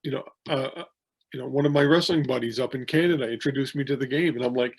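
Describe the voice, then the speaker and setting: Fast and breathy-edged, this mid-range male voice belongs to a wrestling promoter co-hosting a podcast. He chats casually, telling wandering stories riddled with restarts and fillers.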